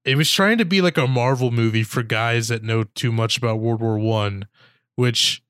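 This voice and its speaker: A man's voice: mid-range voice, normal speed, fairly bright tone, clean tone, dry recording, clean studio sound. A man in casual chat reviewing a movie, rambling with lots of "like" and mock-quoting characters. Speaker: podcast co-host.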